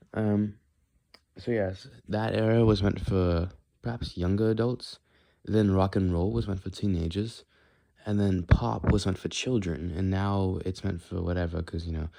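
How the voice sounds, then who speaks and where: Man, put-on British accent, low mellow voice, calm rambling musings, dry-mouthed. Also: vocal fry. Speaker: video creator. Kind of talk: rambling solo monologue.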